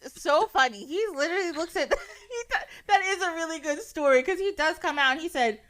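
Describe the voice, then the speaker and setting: A woman's voice: extremely high pitch, expressive, fairly quick, fairly bright tone. A woman hosting a podcast in casual chat, laughing often and swearing as she retells stories in quoted voices. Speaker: podcast host.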